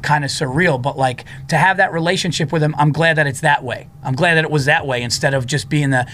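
A man in his forties, a comedian, telling stories in a casual, animated way and acting out the people he quotes. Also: on the high side, fast, a little hiss or hum. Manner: animated storyteller who acts out quotes. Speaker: comedian guest. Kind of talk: casual storytelling.

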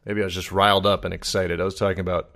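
A man with a somewhat low voice co-hosts a podcast in easygoing conversation. He strings his stories together with lots of "like" and "you know," and he drifts into jokey tangents. His voice dips in pitch whenever he gets into a bit. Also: level tone, racing, vocal fry, a bit bright. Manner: rambling, jokey storytelling with lots of fillers. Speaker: podcast co-host. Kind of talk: casual chat.

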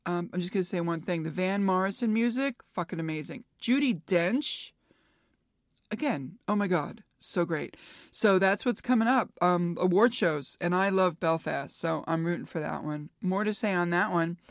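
A woman's voice: fairly low pitch, no room sound, clean studio sound. A woman in her fifties hosting a solo podcast, rambling candidly and swearing freely as she thinks aloud. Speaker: podcast host. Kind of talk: casual solo podcast chat.

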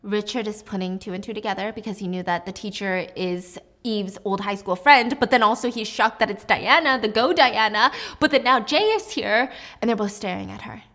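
A woman's voice: medium pitch, moderate pace, pushed and bright. A woman casually recapping a drama story with chatty, sarcastic asides.

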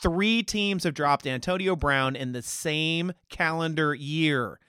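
A man's voice: fairly high pitch, slow, pushed and bright, clear, resonant tone, no room sound, studio quality. A man hosting a sports podcast, giving heated, opinionated, mocking commentary.

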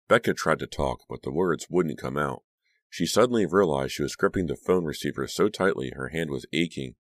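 A man narrating an audiobook chapter in an expressive storytelling manner. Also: extremely low pitch, fairly quick, no room sound, clean studio sound.

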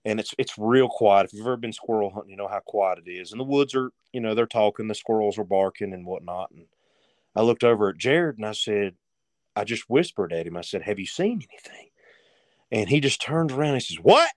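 A man's voice: on the low side, fast, dry recording, studio quality. A man telling a rambling story as a guest on a casual podcast.

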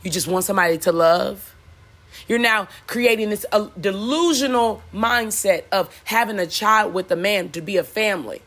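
A mid-range, slightly bright female voice moves at a moderate pace through a preachy motivational monologue. The spiritual speaker is blunt and profane, leans on repetition, and laughs at her own jokes.

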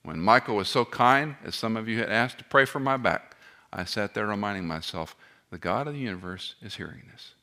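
A man in his fifties preaching with fervor, his bright, ringing voice leaping across a wide, animated range. He swings from near-shouts down to hushed murmurs and breaks in with self-mocking asides. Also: on the low side, brisk. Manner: impassioned, swings from loud cries to hushed near-whispers. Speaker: pastor. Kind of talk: sermon.

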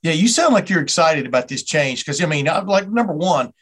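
A man's voice: fairly high pitch, sing-song, brisk, fairly bright tone, husky. A man hosting a casual sports conversation, agreeable and often chiming in with short agreement. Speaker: host.

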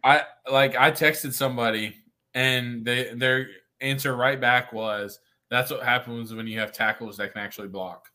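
A man, excited and stammering as he tells game-night stories. His voice is bright and sharp, at a middling pitch for a man. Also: moderate pace. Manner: stammering, laughing storyteller. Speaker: podcast co-host. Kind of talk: excited postgame sports chat.

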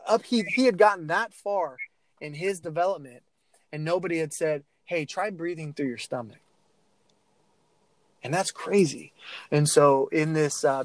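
Animated man telling coaching stories. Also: on the high side, no echo. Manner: animated storytelling with many restarts and fillers. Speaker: guest, athlete mental-skills speaker. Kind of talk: casual podcast interview.

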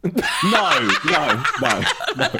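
Animated man telling stories. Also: a little high, very slow, very noisy. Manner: rambling storyteller, acts out quoted voices, laughs often. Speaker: podcast co-host. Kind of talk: casual chat.

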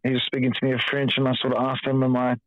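A man, chatting casually as an interview guest, relaxed and full of "like" and "um". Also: mid-range voice, rapid-fire, no room sound, phone-quality sound. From New Zealand. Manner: relaxed, lots of "like" and "um". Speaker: guest, rugby player.

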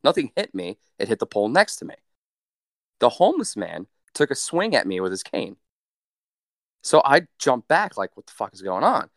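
A young man telling a story in a casual, animated, profane way, with deadpan asides. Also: medium pitch, normal speed, pauses often, no echo, clean studio sound. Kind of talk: casual story told to a friend.

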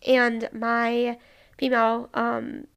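Young woman, slightly high voice, casual storyteller, animated retelling. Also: slow, vocal fry, clear, resonant tone. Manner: chatty, animated, lots of "like" and quoted dialogue.

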